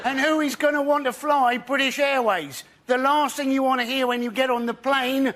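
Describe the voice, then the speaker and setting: High-voiced man doing stand-up. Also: moderate pace, few pauses, bright, forceful tone, a little hiss or hum. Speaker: comedian panelist. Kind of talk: stand-up routine.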